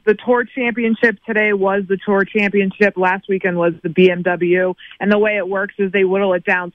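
A man's voice: high-pitched, no room sound. A man giving a casual sports recap as a remote correspondent, chatty and full of fillers. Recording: dull lo-fi remote line.

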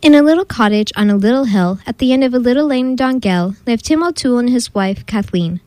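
Woman, storyteller host, reading aloud, expressive, higher voice, dry close sound. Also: fast talker, dry recording. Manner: expressive read-aloud narration. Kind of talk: reading a picture book aloud.

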